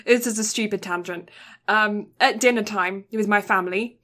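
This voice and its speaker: A woman's voice: mid-range voice, steady tone, moderate pace, fairly bright tone. A young woman co-hosting a casual podcast, chatty and teasing, prone to going off on tangents. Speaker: podcast co-host. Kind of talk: casual chat.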